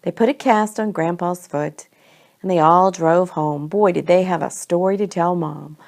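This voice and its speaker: Gravelly woman telling a family story. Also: on the low side, darkish tone. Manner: homey, unhurried, slips between we and they. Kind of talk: storytelling to children.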